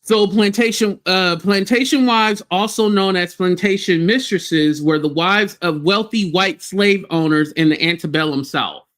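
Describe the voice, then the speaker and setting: A man hosting a livestream, giving blunt, heated commentary with swearing and quick acted-out quotes. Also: high voice, a bit bright.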